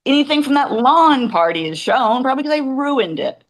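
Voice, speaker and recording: A woman's voice: high-pitched, moderate pace, poor audio. A woman in her forties, a podcast co-host, chatting casually and rambling, often acting out what others said. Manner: rambling, animated, acts out quoted voices. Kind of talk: casual chat.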